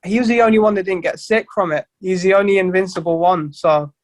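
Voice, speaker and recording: On a podcast, a young male band singer appears as a guest and talks quickly in a high-pitched, steady voice, with no room sound. His casual chat is loose and rambling, packed with swearing and many restarts.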